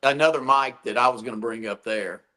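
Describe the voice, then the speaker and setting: A man co-hosting a sports talk show, with a bright, sharp tone at a middling pitch. He talks bluntly, often sounds exasperated, and keeps restarting his sentences. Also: brisk, slight background noise.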